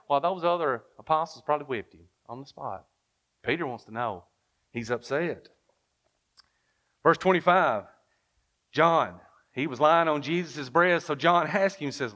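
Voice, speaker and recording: A man's voice: fairly high pitch, lively intonation, normal speed, pauses often, pushed and bright. A man preaching a sermon, telling the story with lots of rhetorical questions and reading King James verses aloud.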